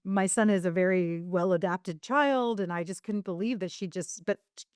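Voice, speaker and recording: A woman's voice: mid-range voice, moderate pace, a little mellow, smooth, no room sound, studio quality. A woman guest on a podcast telling her story candidly, rambling with many fillers and restarts.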